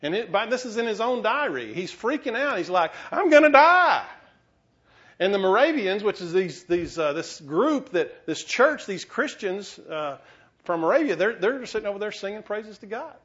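A man's voice: sits high, big pitch swings, moderate pace, a bit bright. A man preaching a sermon as pastor, conversational, with restarts and teasing asides. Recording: dull lo-fi recording.

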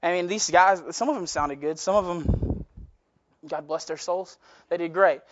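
A man's voice: high voice, moderate pace, muffled recording, a little hiss or hum. A young man preaching to a youth group as their minister, impassioned and rambling, with self-deprecating asides. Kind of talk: youth sermon.

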